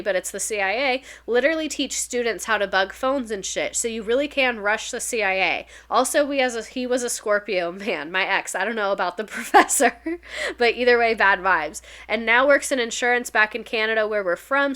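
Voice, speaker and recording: A woman's voice: on the high side, a bit bright. A young woman chatting casually on a live stream, reading viewer stories aloud and reacting to them. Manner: chatty, reads submissions aloud, reacts emotionally.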